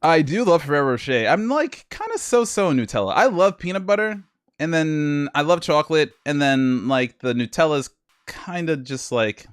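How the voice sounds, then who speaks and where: A male podcast host in easygoing chat whose pitch swings up and down. He sounds playful, and he is quick to laugh. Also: clean tone, dry recording, studio quality. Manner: animated, playful, laughs easily. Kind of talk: casual chat.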